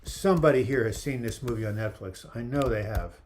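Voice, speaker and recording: Over a webcam livestream with slight background noise, a man hosts a casual video chat, answering viewer questions, reading comments aloud and joking around. His medium-pitched, darkish voice moves fairly quickly and is starting to give out.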